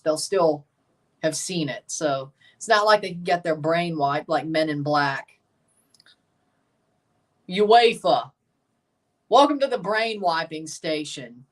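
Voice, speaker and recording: A man's voice: a little high, a little slow, fairly bright tone, distant mic. A man from the Mississippi Delta, commenting casually through a livestream watchalong of a match in a jokey, rambling way full of asides and self-corrections. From Mississippi Delta, USA. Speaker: streamer reacting to a football match.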